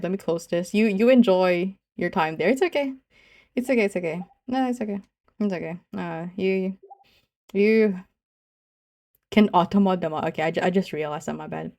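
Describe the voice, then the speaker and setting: A woman's voice: fairly low pitch, dark tone. A woman streamer chatting casually with her viewers in a teasing, giggly way, often saying she's only kidding.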